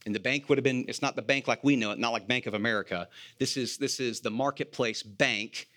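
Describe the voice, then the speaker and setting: A man delivers a church sermon at an ordinary, middle pitch. He talks to the congregation in an earnest, conversational way, repeating key lines and asking rhetorical questions. He now and then pokes fun at himself. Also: a little fast, a bit bright. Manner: self-deprecating humor. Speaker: preacher, elder candidate.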